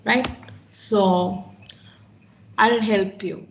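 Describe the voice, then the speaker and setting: A woman's voice: medium pitch, steady tone, drawn-out words, lo-fi sound. Sri Lankan woman teaching an exam class. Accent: Sri Lankan English. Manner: instructive, checks in with frequent "right?". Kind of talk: online class lecture.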